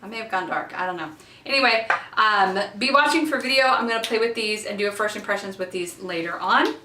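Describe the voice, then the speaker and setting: A woman in her thirties who has children, excitedly unboxing makeup in a casual vlog recorded in her bathroom, gushing with lots of fillers. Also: mid-range voice, fairly quick, a little hiss or hum. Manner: giddy and gushing, with many fillers. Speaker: beauty vlogger. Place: home bathroom. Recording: echoey bathroom, mic a bit far off.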